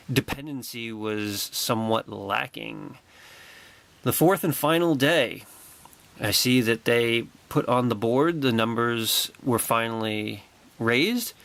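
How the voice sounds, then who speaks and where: A man vlogging a personal anecdote with excitable, wry storytelling and a sarcastic edge. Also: medium pitch, measured pace, creaky.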